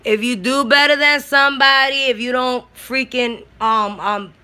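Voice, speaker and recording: A woman's voice: sits high, steady tone, measured pace, pushed and bright, clear, resonant tone. Congested blunt woman on a livestream. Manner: blunt, swears freely, slangy. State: congested from a cold. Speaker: YouTuber on a livestream. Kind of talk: casual livestream chat, reading comments.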